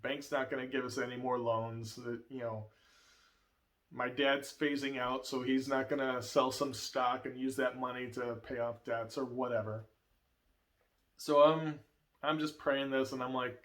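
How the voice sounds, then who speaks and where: A man's voice: mid-range voice, fairly even intonation, unhurried, a bit bright. A man giving an earnest, emotional personal testimony as a guest speaker in a church service.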